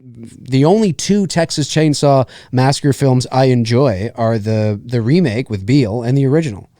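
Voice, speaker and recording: A man's voice: mid-range voice, normal speed, warm tone, dry recording, clean studio sound. A man hosting a live movie commentary podcast, reading viewer questions aloud in a casual, laughing way. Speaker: podcast host.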